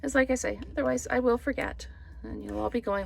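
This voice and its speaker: A woman's voice: a little high, steady tone, a little fast, gravelly, noisy background. A woman chatting through a card-making tutorial, thinking aloud as she works. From Canada. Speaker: papercraft demonstrator.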